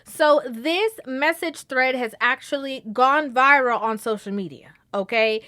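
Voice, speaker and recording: A woman hosting a casual commentary vlog, animated, often breaking into laughter and tossing in a questioning "okay?". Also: high-pitched, measured pace. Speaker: vlog host.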